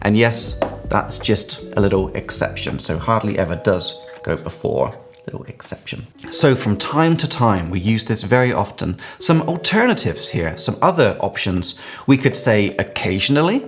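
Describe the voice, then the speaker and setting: A man's voice: lowish voice, sing-song, normal speed, faint music behind. A man from England with an English accent, an English teacher explaining grammar to learners, stretching and stressing key words as he goes.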